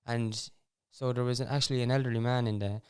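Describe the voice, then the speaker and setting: This young Irishman hosts a podcast at a quick pace, his medium-pitched voice clean in tone and fairly even in intonation. He chats through stories loosely, breaking off to restart and adding wry side comments.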